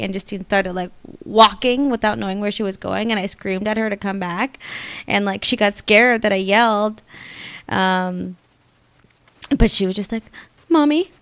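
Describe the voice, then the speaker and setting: A young woman co-hosting a podcast in casual chat, full of "like" and quick laughing asides. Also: medium pitch, fairly bright tone, clear, resonant tone, no echo. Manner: chatty, lots of "like" and laughing asides. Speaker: podcast co-host.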